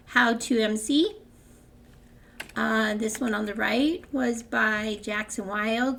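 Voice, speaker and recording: A woman's voice: on the high side, creaky, a bit bright, a little hiss or hum. An older woman hosting a gaming channel, chatting casually through her gameplay with frequent laughs and rambling restarts.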